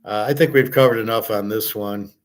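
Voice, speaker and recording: A man's voice: fairly low pitch, fairly quick. A man hosting his own show, giving a blunt, rambling commentary monologue with frequent swearing and filler words. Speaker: host.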